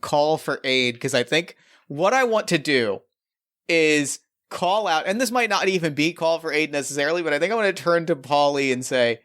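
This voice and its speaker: A man's voice: a little high, lively intonation, moderate pace, a bit bright. A man playing a tabletop role-playing game, chatting enthusiastically and rambling about his dice and moves. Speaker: player. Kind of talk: tabletop game play, casual.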